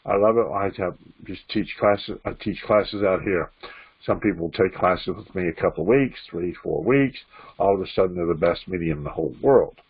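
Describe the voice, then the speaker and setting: A low-voiced man with a husky tone teaches spiritual practice in a loose, conversational way, repeating himself and acting out inner voices. The audio sounds thin and phone-like. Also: moderate pace. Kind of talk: informal spiritual teaching talk.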